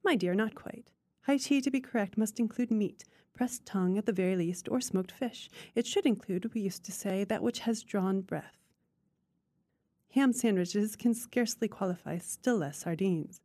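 A woman's voice: mid-range voice, moderate pace, dark tone, no echo, close to an everyday voice. A woman reading the lines of a formal, opinionated elderly mother who pronounces judgments. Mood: holding forth.

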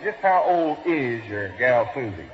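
A man's voice: medium pitch, expressive, measured pace. A man hosting a live radio variety show, bantering genially with his guests. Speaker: host. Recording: lo-fi 1950s radio broadcast in an echoey hall.

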